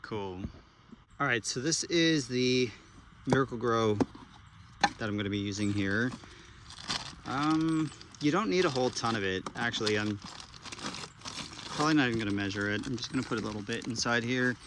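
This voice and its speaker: A man's voice: mid-range voice, normal speed, long pauses, noisy background. Laid-back man vlogging from his garden. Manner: relaxed, chatty, laughs easily, many ums. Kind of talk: casual how-to vlog. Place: outdoor garden in the morning.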